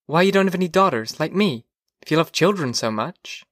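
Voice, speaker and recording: A man voicing a curious, cheerful teenage girl in an audiobook reading, earnest and gently teasing. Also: a little high, lively intonation, fairly quick, dry recording, studio quality, pitched above the performer's own voice.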